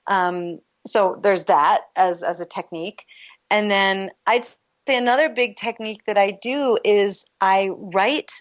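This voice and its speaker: A woman's voice: medium pitch, measured pace. A woman coach as a guest on a talk show, explaining with easy metaphors and laughing often. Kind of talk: casual interview talk. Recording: lo-fi muffled line.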